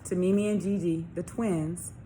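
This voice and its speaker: A woman author reading her children's story aloud, expressive, with questions to young listeners. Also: lowish voice, moderate pace, slight background noise. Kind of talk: storybook read-along for children.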